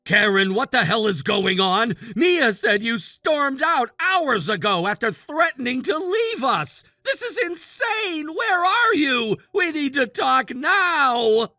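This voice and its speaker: Give me a man playing an impatient, scolding husband for a text-message story, very high-pitched and lively. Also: unhurried, hardly any pauses, no room sound, studio quality, heavily acted. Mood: exasperated. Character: exasperated middle-aged husband. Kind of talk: dramatized text-story reading.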